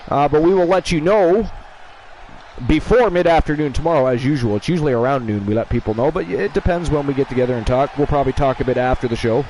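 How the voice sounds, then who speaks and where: A man's voice: mid-range voice, fast, darkish tone, a little hiss or hum, low-quality recording. A man hosting an online wrestling show, chatting casually and teasing his co-hosts in a playful way. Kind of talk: casual livestream chat.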